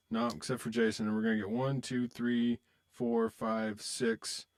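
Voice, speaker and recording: A man with a mid-range, darkish voice talks at normal speed with lively intonation and barely pauses. Streaming online poker, he swears and mutters to himself over his hands, then switches to upbeat, joking chat with viewers as casual live commentary.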